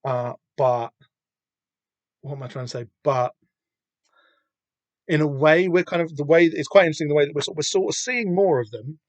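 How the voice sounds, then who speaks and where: A man's voice: fairly high pitch, normal speed, pauses often, no echo. A man hosting a podcast, reading through a comic and rambling in loose, casual commentary. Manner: rambling, lots of fillers and restarts. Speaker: podcast host.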